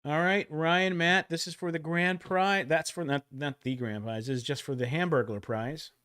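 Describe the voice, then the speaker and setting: A man hosting a casual livestream trivia giveaway, joking around and calling out loud countdowns. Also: on the high side, normal speed, smooth. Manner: jokey, animated, loud countdowns.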